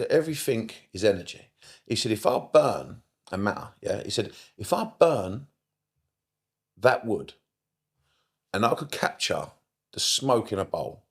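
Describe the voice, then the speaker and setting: A middle-aged man with a fairly low voice talks as a podcast guest. He is animated, swears freely and repeats words to drive points home. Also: husky. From United Kingdom. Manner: animated, swears often, repeats himself for emphasis. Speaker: therapist guest. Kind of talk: casual podcast interview.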